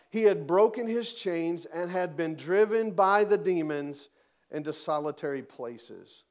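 High-voiced man preaching emphatically. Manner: emphatic preaching, reads scripture aloud with dramatic rises. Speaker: pastor. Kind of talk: sermon.

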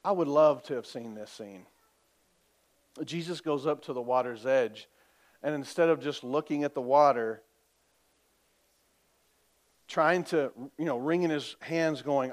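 A man preaching a sermon as pastor, telling the story vividly, asking for amens and dropping from loud to hushed. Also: high-pitched. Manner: lively storytelling, swings between loud and hushed; asks the congregation for amens.

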